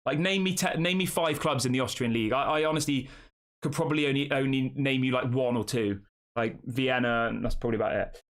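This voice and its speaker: Chatty fan show host. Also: male voice, medium pitch, fairly quick. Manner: chatty, reads out viewer comments and answers them. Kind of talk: casual live-stream chat.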